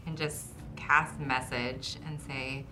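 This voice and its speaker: A woman playing a tabletop game, calmly thinking aloud through her character's actions. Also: extremely low pitch, slow, slight background noise. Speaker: player. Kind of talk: casual tabletop game play.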